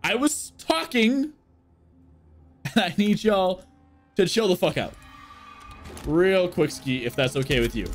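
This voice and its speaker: Animated young man streaming a game. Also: sits high, unhurried, pauses often. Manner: animated, swears a lot, laughs and shouts at enemies. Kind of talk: live gameplay commentary. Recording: game music in the background.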